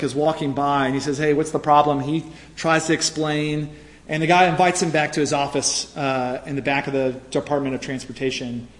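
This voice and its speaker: A man preaching a conversational sermon, telling a story with lots of "right?" asides and fillers. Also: fairly high pitch. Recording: reverberant hall.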